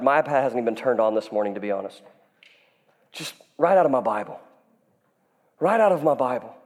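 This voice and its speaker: A male pastor preaching an animated, joking sermon, acting out the voices in a story. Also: medium pitch, big-room sound. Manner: animated, acts out dialogue, jokes with congregation.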